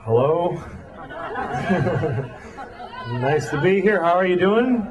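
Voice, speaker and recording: A man's voice: high voice, lively intonation, slow pace, lo-fi sound. A man doing a stand-up routine in a dry, self-deprecating, conversational way, with an audience laughing. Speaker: stand-up comedian. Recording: noisy live club with loud crowd.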